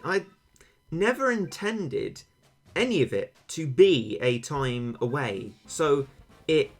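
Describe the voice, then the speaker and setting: A man's voice: medium pitch, fairly bright tone. A man chatting casually with stream viewers, wry and rambling, with dry self-mocking humour, close on a desk microphone. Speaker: game streamer. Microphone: failing desk microphone tilted toward him. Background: faint game sound.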